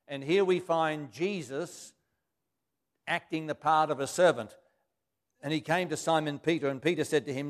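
A man preaching a sermon, reading scripture aloud and then explaining it in plain everyday words. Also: a little high.

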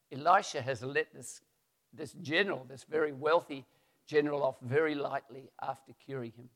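A man retelling a Bible story as a preacher, lively and acting out the voices. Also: a little high, long reverb tail.

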